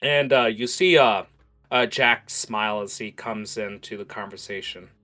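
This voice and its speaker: A man narrating a tabletop role-playing game as game master, with lively scene-setting and frequent fillers. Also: fairly low pitch, a little slow.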